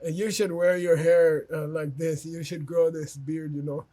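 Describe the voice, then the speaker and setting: A man's voice: fairly high pitch, level tone, moderate pace, mellow. A man teaching an online course in a conversational manner, telling anecdotes about himself and often checking in with "okay?" and "you know".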